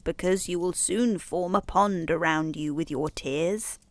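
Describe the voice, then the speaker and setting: A woman's voice: lowish voice, a little slow, no room sound. A woman doing a fussy, self-pitying frog. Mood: teasing. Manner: complaining, fretful, then coaxing. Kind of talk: bedtime story reading.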